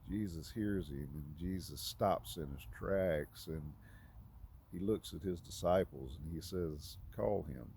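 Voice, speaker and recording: A man giving an informal, conversational sermon, halting often with fillers and restarts. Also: sits low, dark tone, slight background noise. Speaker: preacher.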